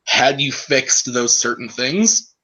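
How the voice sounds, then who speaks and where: A man hosting a casual movie review chat, talking in a relaxed way full of "like" and "um". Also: medium pitch, slow pace, breathy edge, low-quality recording. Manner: relaxed, filler-heavy, lots of "like" and "um". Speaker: host of a movie review channel.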